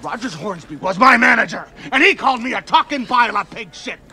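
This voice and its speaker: An actor playing a gruff, washed-up baseball manager who scolds and yells at his players in a film scene. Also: extremely high pitch, animated, a little fast, full character voice. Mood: berating. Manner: yelling, scolding. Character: gruff hot-tempered washed-up baseball manager, middle-aged man.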